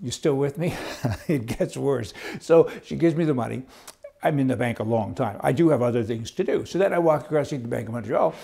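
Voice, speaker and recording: A business owner telling an exasperated personal anecdote, breaking into incredulous outbursts. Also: male voice, medium pitch, lively intonation, fairly quick, creaky, dark tone, breathy edge. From Canada. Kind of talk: ranting personal anecdote to camera.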